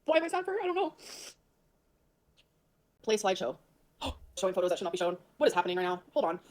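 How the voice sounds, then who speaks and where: A woman's voice: medium pitch, very animated, fast, darkish tone. A woman on a livestream, rambling to her viewers in a flustered way and swearing a lot.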